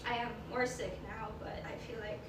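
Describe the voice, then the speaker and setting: A woman's voice: on the high side, steady tone, normal speed. College girl giving a testimony in an echoey room. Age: young adult. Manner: casual, rambling, says "like" constantly. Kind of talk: personal testimony to a group. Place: large echoey room with a gathered audience. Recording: echoey room, voice far from the mic, loud noise.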